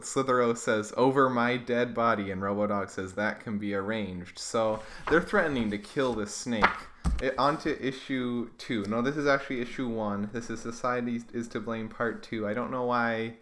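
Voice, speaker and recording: A man in a casual video, reading out comics he made as a kid and poking fun at them. His voice sits at an ordinary middle pitch, and he keeps the delivery wry and self-mocking, tossing in dry little asides. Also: fairly bright tone, a little hiss or hum. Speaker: webcomic creator. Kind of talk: comedic commentary on his old comics.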